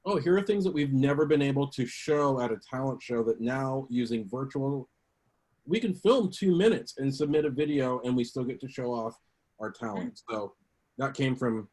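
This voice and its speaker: A man's voice: mid-range voice, expressive, normal speed, darkish tone. A man on a community panel, casually recounting an anecdote and acting out quotes in a lifted voice. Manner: chatty, acts out quotes with a lifted voice. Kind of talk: casual storytelling.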